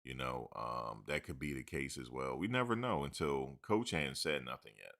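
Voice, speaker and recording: A man's voice: extremely low pitch, animated, moderate pace, a bit bright. A man hosting a sports talk show, rambling casually with slang and joking asides.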